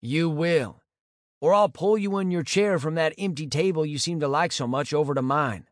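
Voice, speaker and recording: A man's voice: medium pitch, very animated, normal speed, a bit bright, dry recording, clean studio sound. A man voicing a casual, teasing teenage boy in an audiobook, with a playful, easygoing delivery.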